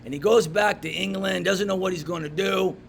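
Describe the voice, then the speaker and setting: A man giving a storytelling devotional talk to a men's group in a pub, animated and swinging from loud emphasis to hushed asides. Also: high voice, brisk, vocal fry, slight background noise. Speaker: men's ministry speaker. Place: pub room.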